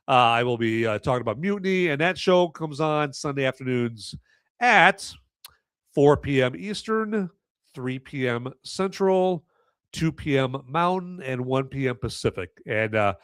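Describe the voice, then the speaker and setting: A man's voice: medium pitch, no room sound. A man hosting a live movie review podcast, talking in a rambling, sarcastic way with lots of fillers. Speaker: podcast host.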